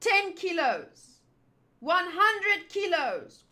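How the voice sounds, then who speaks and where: A woman voicing a pompous scheming male villain who gloats slowly as she reads a comic aloud. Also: extremely high pitch, very animated, pushed and bright, pitched above the performer's own voice, full character voice. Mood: gloating. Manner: slow, drawn-out gloating.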